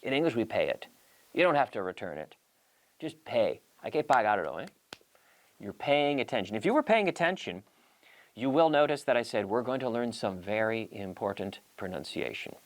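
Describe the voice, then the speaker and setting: A lively man teaches English on a show, his pitch swinging widely as he talks. He is playful and drills sounds slowly, slipping in Spanish phrases. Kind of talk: lively televised English lesson.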